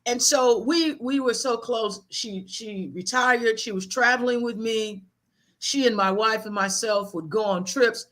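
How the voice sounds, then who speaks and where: A middle-aged woman telling personal stories as a guest author in an interview, animated and laughing often. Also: fairly high pitch, unhurried.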